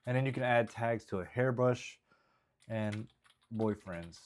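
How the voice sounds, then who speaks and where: A man comedian casually thinking out loud about his jokes, rambling with plenty of hesitant fillers. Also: mid-range voice, unhurried. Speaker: stand-up comedian writing jokes. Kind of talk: casual vlog thinking aloud.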